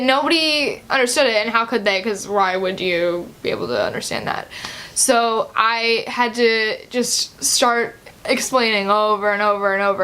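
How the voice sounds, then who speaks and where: Filled with "like" and "um," this casual vlog features a girl of around seventeen telling a personal story to camera in a chatty, loose way. Her voice is a little high with a fairly bright tone.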